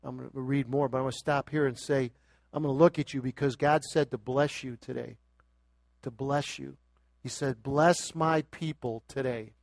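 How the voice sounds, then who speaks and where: A man preaching a sermon, moving from quiet scripture reading to loud, emphatic exhortation. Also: mid-range voice, steady tone, normal speed, vocal fry, no echo, clean studio sound. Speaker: pastor.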